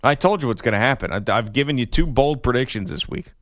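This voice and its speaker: A man hosting a sports talk show, animated and quick to laugh as he trades jokes with his co-hosts. His voice sits at an ordinary middle pitch. The sound is dry and close, with no room around it. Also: no room sound. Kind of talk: casual sports radio banter.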